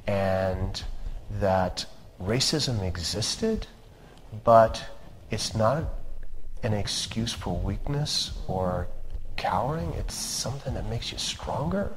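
A man from Appalachia, a surgeon telling his life story in an interview, in an earnest, measured, firm way. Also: on the low side, animated. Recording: lingering reverb, faint background hum.

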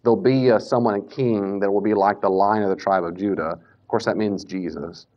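A man teaching a Bible class in a casual lecture style, animated and self-correcting, now and then acting out the speakers he quotes. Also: lowish voice, a little fast. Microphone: Bluetooth mic that cuts out. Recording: dull lo-fi lecture recording.

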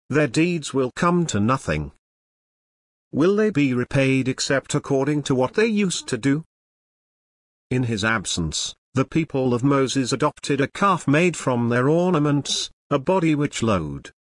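A man reading a scripture translation aloud in a solemn, measured way, pausing after each short clause. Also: mid-range voice, no room sound, studio quality. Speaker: scripture reader.

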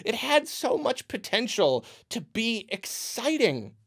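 A man's voice: very high-pitched, slow pace, gravelly. A man ranting in a movie review, exasperated and rambling, with many restarts. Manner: acts out quoted reactions in an animated way.

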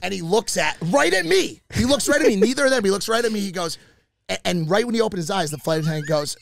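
A man on a podcast telling an animated story, swearing often and acting out what other people said. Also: sits high, quick pace, creaky, dry recording. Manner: animated, swears a lot, acts out quotes. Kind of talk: animated storytelling, casual chat.

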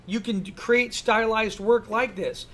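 Animated man lecturing a class, high voice. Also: unhurried. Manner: animated, asks the class many questions. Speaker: art instructor.

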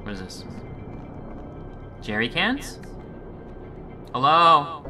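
A man's voice: medium pitch, animated, normal speed, over music. A man doing let's play commentary on a horror game, joking and talking to the game, easily spooked. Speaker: game streamer.

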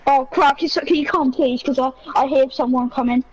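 A woman playing a video game, chatting and taunting loudly and excitedly as she plays. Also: sits high, normal speed, lo-fi sound. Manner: loud excitable shouting and taunting while playing. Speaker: gamer. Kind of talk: excited live gaming chatter.

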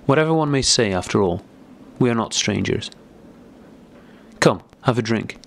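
A man's voice: medium pitch, animated, moderate pace, vocal fry. A man reading as a bitter, irritable older brother, speaking in an agitated, raised voice. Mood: feverishly cheerful.

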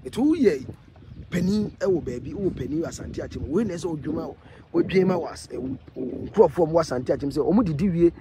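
A Ghanaian-accented man delivers a walking vlog out on a road, his voice sitting somewhat high for a man. He talks emphatically, repeating words and keeping on asking whether you follow. Faint outdoor noise hums behind him. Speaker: video reporter. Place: outdoors on a road near a hospital.

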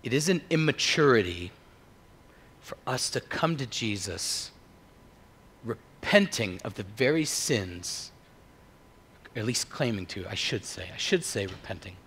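Young male pastor, emphatic sermon delivery, very animated pitch. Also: a little slow, long pauses, husky. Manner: emphatic, swings from hushed to loud.

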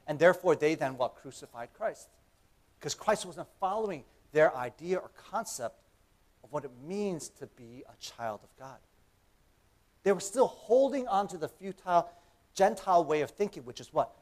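A man's voice: high-pitched, normal speed. A young man giving a casual, conversational church sermon, acting out imagined dialogue and often asking "right?". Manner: animated, acts out imagined dialogue, frequent "right?". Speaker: preacher. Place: church sanctuary.

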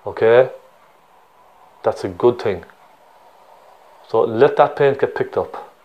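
A man's voice: medium pitch, slow, lo-fi sound. Cork Irish man, painting teacher, chatty and encouraging, walks through each step. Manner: chatty, encouraging, checks in with the viewer.

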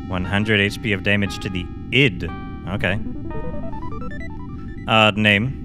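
A man hosting a let's play, chatting and joking casually as he plays. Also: on the low side. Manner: jokey, laughing, chatty. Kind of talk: casual game commentary.

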